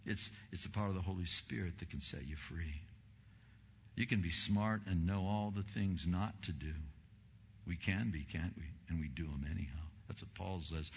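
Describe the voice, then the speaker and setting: A man preaching a sermon as pastor, impassioned, swinging between quiet, low passages and loud, rising ones. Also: normal speed, slight background noise. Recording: dull recording in a reverberant hall.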